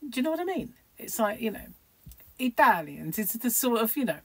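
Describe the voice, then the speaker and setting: A woman's voice: on the high side, very animated, fairly quick, no room sound, poor audio. A middle-aged woman vlogging at home in a rambling, chatty, self-mocking way. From United Kingdom. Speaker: crochet vlogger. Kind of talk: casual chat to camera.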